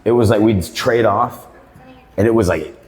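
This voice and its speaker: A stand-up comedian with a lowish, darkish voice tells a rambling, profane story at a barbershop comedy show, speaking at normal speed. The live room gives a long reverb.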